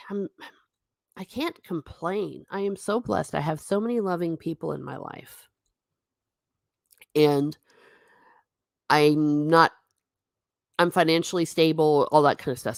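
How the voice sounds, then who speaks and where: A middle-aged woman chats casually on a livestream in a low-pitched voice that swings widely up and down. She laughs often and drops self-mocking asides. The sound is close and dry, with almost no room echo. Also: vocal fry. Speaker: livestream host reading viewer chat.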